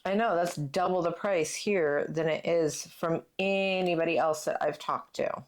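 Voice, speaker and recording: A woman's voice: lowish voice, a little slow. A woman hosting a casual crafting chat, talking in a chatty way with lots of fillers. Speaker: channel host.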